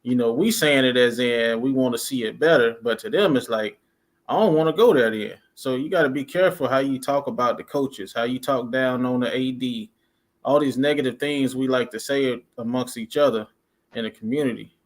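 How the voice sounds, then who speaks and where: A man's voice: medium pitch, normal speed. A man co-hosting a casual talk show, speaking earnestly about what the community should do. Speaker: co-host. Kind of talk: casual chat.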